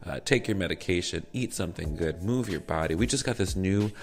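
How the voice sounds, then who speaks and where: A man's voice: sits low, a little fast. A man with a Southern US accent hosting a podcast, chatting casually with playful, campy asides. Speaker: podcast host. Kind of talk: casual podcast chat and outro.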